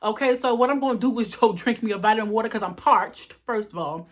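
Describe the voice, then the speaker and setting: A woman hosting a casual fashion haul vlog, animated and talking straight to her viewers, tired and a bit out of breath. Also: a little high, quick pace.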